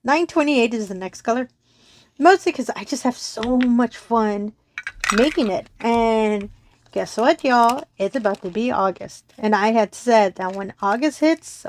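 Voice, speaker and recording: A woman's voice: fairly high pitch, animated, unhurried. A woman from Texas, chatting casually to her viewers at home in a bubbly, giggly, apologetic, rambling way. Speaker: crafting channel host.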